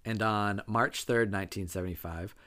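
A man's voice: fairly low pitch, steady tone, moderate pace, bright, forceful tone. A man co-hosting a podcast, reading out case notes in a dry, matter-of-fact way during casual chat. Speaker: podcast co-host and narrator of the case.

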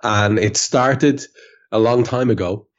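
A man's voice: mid-range voice, slow pace, dull audio. A man hosting a casual football podcast, telling stories and steering the talk. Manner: storytelling, steers the conversation. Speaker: podcast host.

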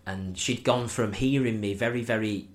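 A young man chats casually on a podcast, his voice sitting on the low side. He tells laughing, rowdy stories about football away days and says "were" where others say "was". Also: steady tone, moderate pace. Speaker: podcast co-host. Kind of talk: casual chat.

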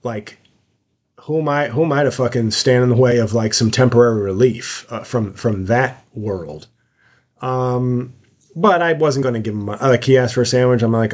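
A man's voice: medium pitch, moderate pace, darkish tone. A man hosting his own podcast and talking through a personal story in a loose, rambling monologue. His voice sits in an ordinary middle range. He keeps breaking off into fillers and restarts as he goes. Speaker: podcast host, comedian. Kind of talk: casual monologue.

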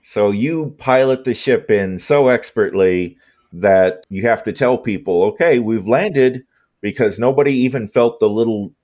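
A man narrating as game master of a tabletop sci-fi game in a relaxed, wry way. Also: on the low side, moderate pace.

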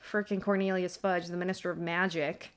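A woman's voice: on the low side, level tone, a little fast. A young woman co-hosting a podcast, chatting casually about a book, full of "like"s and laughing as she retells scenes. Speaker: podcast co-host.

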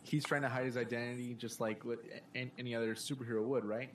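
A man chatting loosely on a podcast, sitting a bit back from his mic at an average pitch. Keyboard clicks and typing come through clearly behind him as he rambles with fillers and easy laughs. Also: steady tone, fast talker, distant mic, slight background noise. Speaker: podcast co-host. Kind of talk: casual chat.

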